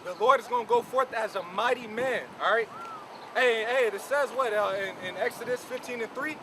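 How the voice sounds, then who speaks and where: High-voiced emphatic street preacher man. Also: moderate pace. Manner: emphatic, repeats "man" and "you know". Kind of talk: outdoor street preaching, commentary on scripture. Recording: outdoor street with crowd noise.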